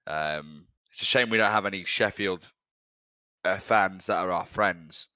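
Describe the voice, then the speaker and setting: A young man talks football in a loose, rambling, sweary way. His voice sits low. It is recorded dry and close, with no room sound. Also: measured pace, bright, forceful tone, no echo. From England. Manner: blunt, sweary, rambling fan talk. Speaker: podcast co-host. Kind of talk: casual football chat.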